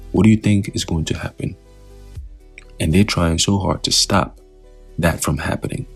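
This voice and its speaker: A man's voice: low-pitched, a little mellow, breathy edge. A man teaching scripture in a loose, talkative way, often putting questions to the listener.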